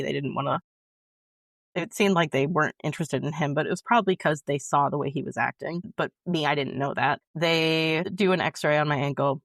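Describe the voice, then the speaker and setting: A woman's voice: low-pitched, dry recording, clean studio sound. Earnest woman telling her story. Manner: earnest, emotional, halting with restarts. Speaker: podcast guest. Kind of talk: personal storytelling in conversation.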